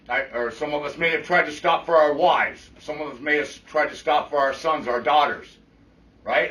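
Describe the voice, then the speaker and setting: A man's voice: a little high, pushed and bright. A middle-aged man giving a blunt, profane personal testimony to a recovery group, often checking in with his listeners. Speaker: recovery meeting speaker. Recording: echoey room, mic from far off.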